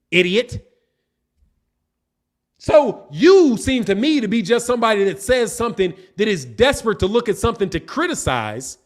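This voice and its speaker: High-voiced man, combative livestream host. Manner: combative, repetitive, insults critics. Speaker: boxing channel host. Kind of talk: casual livestream talk answering chat.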